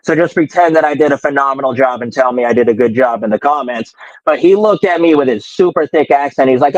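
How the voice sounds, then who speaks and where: A man's voice: mid-range voice, fast talker, dry recording, highs cut off. A man from Colorado with a slight country twang, a musician chatting casually on a podcast in a rambling, self-deprecating way. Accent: slight American country twang. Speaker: musician guest.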